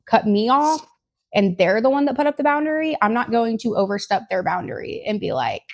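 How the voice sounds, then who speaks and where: A woman's voice: fairly high pitch, very animated, a little fast. Blunt woman telling stories. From Tennessee, USA. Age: 20s. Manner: blunt, candid, dark humor with frequent asides. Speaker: podcast co-host. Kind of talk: casual storytelling chat.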